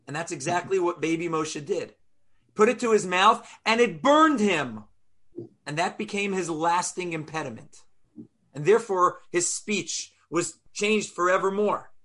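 A man with a fairly high voice teaches a Torah lesson. He is animated, keeps asking his listeners rhetorical questions, and sounds out Hebrew letters aloud to show how they are made.

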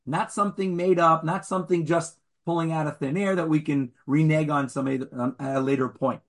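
A man with a high, somewhat husky voice gives a Torah lecture in an easy, conversational way. He acts out the people in the story with lively swings in tone and jokes with his listeners. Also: moderate pace. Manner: animated, acts out the figures with sudden jumps in pitch and loudness.

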